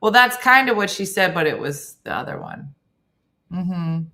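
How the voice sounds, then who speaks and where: A woman's voice: lowish voice, very animated, moderate pace, bright, forceful tone. A middle-aged woman hosting a casual morning show, reading viewer comments and reacting with chatty asides. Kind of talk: casual chat.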